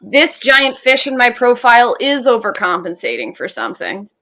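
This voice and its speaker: A woman's voice: on the high side, very animated, moderate pace, crowd noise. A woman from the Southern US, playing as a comedian panelist and trading dry one-liners on a comedy game show.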